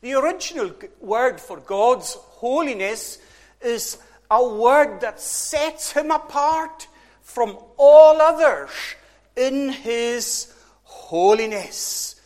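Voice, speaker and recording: A man preaching a sermon, slow and emphatic, repeating key phrases for weight. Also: very high voice, animated, darkish tone, big-room sound.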